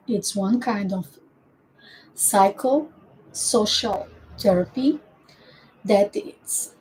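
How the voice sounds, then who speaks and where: Woman therapist, earnest explainer in a casual relationship talk, slow and unhurried delivery. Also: fairly high pitch, dark tone, poor audio.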